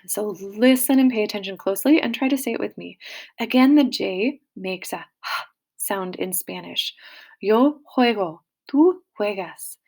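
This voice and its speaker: Slow, lively-pitched woman teaching Spanish. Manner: slow, clear drilling of verb forms. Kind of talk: recorded language lesson.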